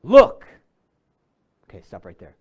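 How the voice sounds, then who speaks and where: A man preaching an expository sermon, explaining a passage in a deliberate teaching tone with bursts of emphasis. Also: on the high side, lively intonation. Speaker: pastor.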